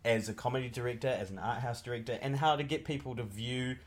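A man playing a brash, swearing young wannabe film director who pitches himself to a panel. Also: lightly acted. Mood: pitching. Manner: swears a lot, quick to take offence. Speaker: podcast co-host.

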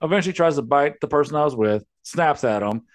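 A man's voice: fairly high pitch, lively intonation, fast. A man hosting a podcast, ranting and telling stories in a casual, profane way. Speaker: podcast host.

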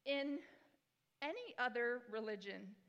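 A woman's voice: fairly high pitch, animated, takes it slowly, fairly bright tone, highs cut off. A woman in her forties giving a sermon as pastor, chatty and self-deprecating, with bursts of enthusiasm. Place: church sanctuary. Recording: long hall reverb in a church.

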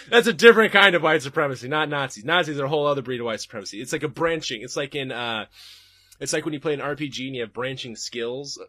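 A man's voice: medium pitch, fast talker, bright, forceful tone, no room sound, studio quality. A man hosting a podcast and reading live chat, talking casually and profanely and laughing often.

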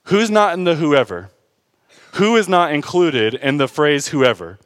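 A man preaching a sermon in a casual, conversational way, growing loud and lively as he gets stirred. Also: a little slow, no echo, studio quality. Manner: animated, rising loud and high when stirred, laughing at his own stories. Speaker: pastor.

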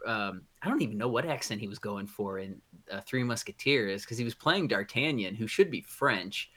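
Casual podcast co-host, man, bright and forceful tone, rambly delivery. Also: lowish voice, expressive, normal speed. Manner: rambling, many restarts and fillers. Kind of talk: casual chat.

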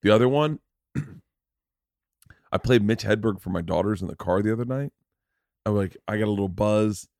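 Gravelly man telling animated stories. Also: on the low side, moderate pace, pauses often, dry recording, studio quality. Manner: animated storyteller, swears often, acts out quotes. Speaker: podcast host. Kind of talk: casual chat.

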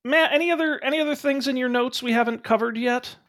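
A man's voice: very high voice, fast, a bit bright. A man co-hosting a movie podcast in casual chat, with wry, dry humor and frequent laughs. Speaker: podcast co-host.

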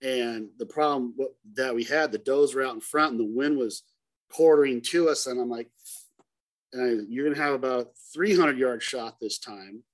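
Telling a tale during a laid-back interview, a middle-aged man who works as a hunting guide performs the voices of everyone involved. He speaks at a typical male middle pitch, alternating quick side remarks with stretched-out emphasis, and stays animated throughout.

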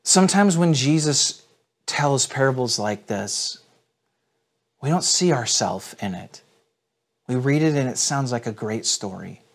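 A man's voice: medium pitch, lively intonation, a little slow. A male pastor preaching a sermon to people watching online, in an earnest, direct manner. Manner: earnest, direct address with repetitions.

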